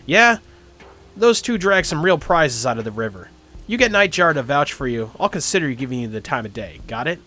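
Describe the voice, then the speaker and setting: A man voicing a brusque middle-aged man with a Midwestern accent in a video game, clipped and a little louder than his own voice. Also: a little high, very animated, a little fast, heavily acted. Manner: gruff and clipped, then loud and cheery.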